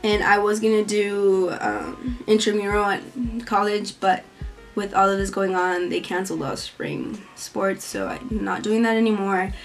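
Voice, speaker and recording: A woman's voice: mid-range voice, fairly even intonation, unhurried, gravelly, soft background music. Chatty young woman saying "like" constantly. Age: young adult. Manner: talkative, fills every phrase with "like"; giggly, acts out quoted voices. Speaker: college student vlogger. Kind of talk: casual Q&A chat.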